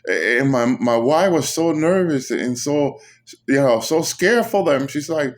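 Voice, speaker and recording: A man recounting a frightening experience, halting and repeating words with urgency. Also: fairly high pitch, lively intonation. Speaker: storyteller recounting a vision. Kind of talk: spoken personal testimony.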